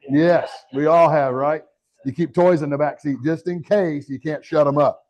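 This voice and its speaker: A middle-aged man giving a live real estate training, energetic and talking straight to the audience with questions. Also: a little high, normal speed, lo-fi sound. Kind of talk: live motivational training talk.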